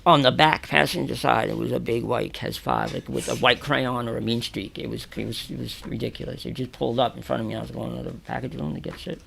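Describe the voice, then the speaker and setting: A New York man, a guest on an interview in a radio or podcast studio, casually tells prison stories at a fast clip with hardly any pauses. He swears freely and stays animated, acting out what people said with loud exclamations. His mid-range voice is creaky, and a little hiss or hum sits in the recording.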